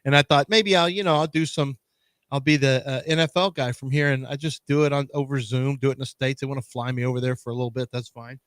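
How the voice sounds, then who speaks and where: A man's voice: medium pitch, steady tone, fast, a bit bright, dry recording. A man co-hosting a sports radio show, chatting casually with jokes and playful teasing. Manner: joking, playful, mock-condescending. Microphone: studio microphone.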